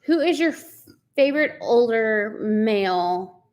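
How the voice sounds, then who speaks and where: A chatty woman in her forties hosts a relaxed live stream. Her voice sits a little high, and she keeps laughing as she reads out viewer comments. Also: measured pace. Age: 40s. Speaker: livestream host. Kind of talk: casual live chat.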